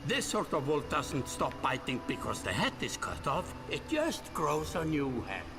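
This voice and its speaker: An actor playing a weary, embattled city governor in a video game, speaking with a grave, measured delivery. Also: male voice, a little high, huge pitch swings, music in the background, heavily acted.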